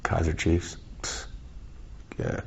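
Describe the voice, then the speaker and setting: A man's voice: slow, lo-fi sound, slight background noise. A man in his forties from South Africa, chatting loosely in an interview, rambling, joking and swearing freely. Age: 40s. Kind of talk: casual interview chat.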